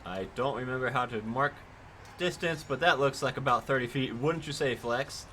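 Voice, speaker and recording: A man's voice: medium pitch, moderate pace, sharp tone, slight background noise. A man co-commentating a tabletop arena battle, stopping to look up and read out spell rules. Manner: reads spell rules aloud, hesitant. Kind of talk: mock sports commentary for a tabletop game.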